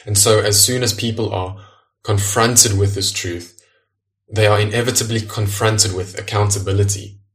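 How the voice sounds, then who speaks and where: Low-voiced pastor preaching from a distance. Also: male voice, steady tone, a bit bright. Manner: earnest, measured, emphatic on key phrases. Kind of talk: sermon.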